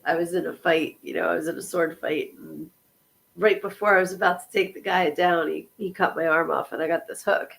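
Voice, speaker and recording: A woman's voice: fairly low pitch, steady tone, fairly quick, creaky, a bit bright, low-quality recording. A woman voicing a male pirate with a hook as he explains how he lost his hand.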